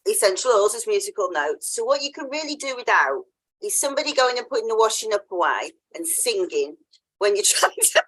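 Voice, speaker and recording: A woman with a very animated mid-range voice and a fairly bright tone talks briskly while hosting a podcast interview. Keeping it casual, she tells a story, acts out the voices she quotes, and laughs a lot.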